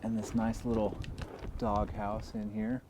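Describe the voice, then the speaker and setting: Guy with a lowish voice walking around an old mine outside, kinda out of breath, faint hiss behind. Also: level tone. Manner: slow, easygoing guiding commentary. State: winded from climbing. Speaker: exploration vlogger. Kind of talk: casual narrated hike. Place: outdoors on a mountainside mine site.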